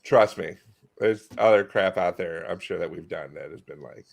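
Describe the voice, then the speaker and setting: Man, podcast co-host, low pitch, gravelly, deadpan, short replies. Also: moderate pace. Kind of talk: casual comedic chat.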